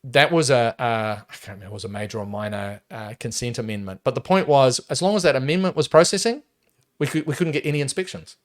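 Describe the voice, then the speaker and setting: A man speaks as a podcast guest, emphatic and lively, often restarting his sentences. His voice sits at an everyday middle pitch. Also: fast talker. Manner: emphatic, animated, frequent restarts. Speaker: property developer guest. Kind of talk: casual podcast interview.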